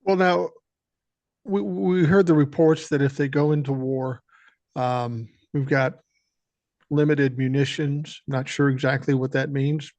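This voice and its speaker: A man's voice: medium pitch, fairly even intonation, unhurried, a little mellow, no room sound, highs cut off. An older man hosting a podcast, talking bluntly and profanely, pressing harder on his key points. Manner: blunt and profane, rising with emphasis. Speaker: podcast host. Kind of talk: casual political chat.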